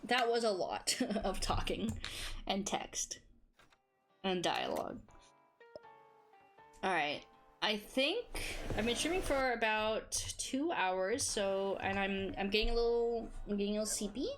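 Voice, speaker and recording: A woman's voice: mid-range voice, expressive, a little slow, pauses often. Woman streamer rambling over a game, swears a lot, bouncy voice, faint music under it. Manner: laughing, swearing, exclamatory. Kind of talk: casual gameplay commentary.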